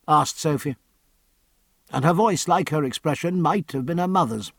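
Man reading a period novel, slightly husky, a bit high, dry close sound. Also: normal speed, dry recording. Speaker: audiobook narrator. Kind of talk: scripted narration of a period novel.

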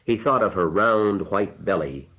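A man reading an audiobook narration in a measured, unhurried way. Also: on the low side, lively intonation, dull audio.

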